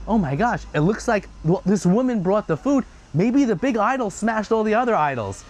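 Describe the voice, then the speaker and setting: A man's voice: high-pitched, expressive, moderate pace, darkish tone, pitched above the performer's own voice. A man voicing a clever teenage boy who plays innocent and asks eager questions. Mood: feigned surprise. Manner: feigned surprise, eager questioning.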